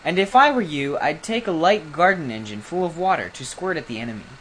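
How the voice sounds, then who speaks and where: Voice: mid-range voice, lively intonation, fairly quick, slight background noise, lightly acted. A storybook reader voicing a lazy, smug young prince who speaks with prim, lecturing politeness.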